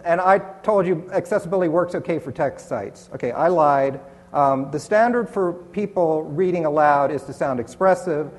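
A man's voice: a little high, a little mellow. A man giving a conference presentation with sardonic, dry humor in a hotel conference hall. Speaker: conference speaker. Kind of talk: presentation talk. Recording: long hall reverb in a conference hall.

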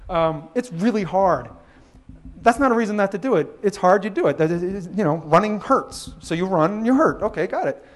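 A man giving a conference presentation, animated and joking, acting out quoted voices and laughing at his own lines. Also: sits high, moderate pace. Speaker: conference speaker. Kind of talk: presentation talk.

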